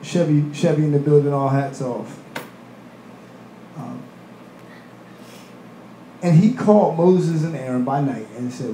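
A man preaching a sermon in a church, animated, acting out voices and laughing in asides. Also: on the high side, measured pace, pauses often, roomy sound, slight background noise, low-quality recording. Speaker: pastor. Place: church hall.

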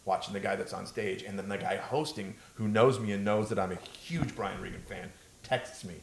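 Male comic co-host, eager storyteller, low voice, echoey recording. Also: steady tone, a little fast, vocal fry, slight background noise. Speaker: podcast co-host, stand-up comedian. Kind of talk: casual podcast chat. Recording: echoey room.

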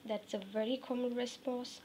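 A woman teaching English phrases, repeating each example slowly and checking in with her students. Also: on the high side, fairly even intonation, warm tone, slight background noise. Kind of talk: spoken English lesson.

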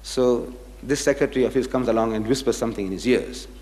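This public lecture comes from a man with a mid-range voice who talks quickly. Animated and theatrical, he acts out quoted speech while telling his anecdotes, and the hall adds a strong echo.

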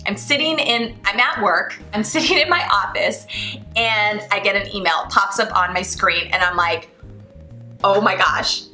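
Bright young woman telling a story. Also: mid-range voice. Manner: animated, acts out quoted dialogue. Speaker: flight attendant vlogger. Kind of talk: personal storytelling to camera. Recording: roomy echo, faint music behind.

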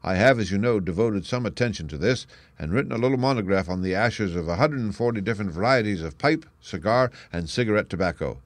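Steady male audiobook narrator, low voice. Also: quick pace, no echo. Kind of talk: scripted narration.

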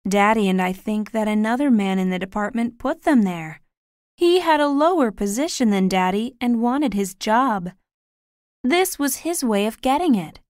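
A gentle, sorrowful mother from a storybook, voiced by a man. Her voice is raised in pitch and soft and tender. It is recorded dry and close. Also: expressive, moderate pace, clean tone, no echo. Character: gentle, sad mother of three.

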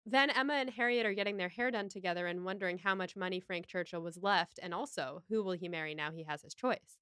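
A woman's voice: lowish voice, fast talker, sharp tone, smooth, no echo, clean studio sound. A woman hosting a podcast, recapping a film in casual chat with a wry, joking manner. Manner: chatty, wry, acts out quotes. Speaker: podcast host.

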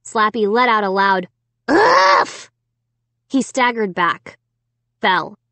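A woman's voice: mid-range voice, a little slow, sharp tone, dry recording. Woman reading a spooky kids' story. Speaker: audiobook narrator. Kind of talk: first-person storybook narration.

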